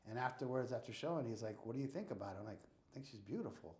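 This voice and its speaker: With a fast delivery and medium pitch, an American real estate investor recounts stories during a casual interview, animatedly voicing the dialogue himself. The room adds a noticeable echo.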